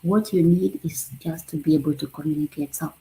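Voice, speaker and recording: A woman with a Ugandan accent tells her own story in a loose, chatty way, with a low-pitched voice. Her tone is mellow and soft-edged, and she laughs easily and slips in French words. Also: fairly quick, a little hiss or hum, low-quality recording. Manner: animated, laughs often, drops in French phrases. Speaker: vlogger. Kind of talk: casual personal storytelling.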